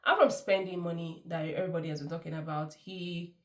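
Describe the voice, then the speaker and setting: A woman's voice: lowish voice, steady tone, fast, darkish tone. Chatty woman reviewing a film. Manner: chatty and effusive, laughs often. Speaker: movie reviewer. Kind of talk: casual movie review.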